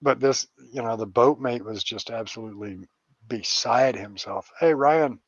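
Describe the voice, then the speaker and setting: A man's voice: fairly low pitch, moderate pace, fairly bright tone, slightly rough, no echo, muffled recording. A middle-aged man, a psychic medium and paranormal investigator, rambling through stories in a casual interview, with crude jokes and swearing.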